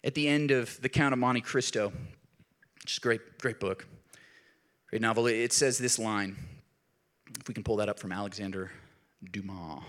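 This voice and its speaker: A middle-aged man, a pastor, preaching a sermon in an animated storytelling way, rising to loud emphasis and dropping to quiet. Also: fairly low pitch, moderate pace, long pauses.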